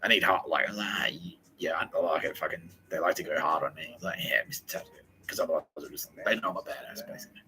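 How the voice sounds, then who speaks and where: Low-voiced, bright, swearing comedy podcaster. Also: male voice, quick pace, a little hiss or hum, rough recording. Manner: rambling, heavy swearing, jokey. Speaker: podcast host. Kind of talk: casual comedy monologue.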